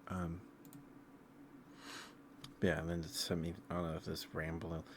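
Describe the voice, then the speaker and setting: Sleepy man with a very low voice, loose meandering ASMR storyteller. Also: completely flat delivery, measured pace, slight background noise. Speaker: streamer. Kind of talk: casual ASMR ramble.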